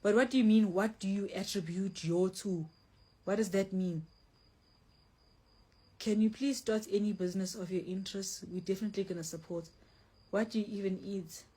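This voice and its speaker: A young woman runs a casual livestream from home, reading viewer comments aloud and replying bluntly, calling herself mean and saying "like" a lot. Her medium-pitched voice is warm and slightly rough, with a steady tone, a moderate pace, and long pauses.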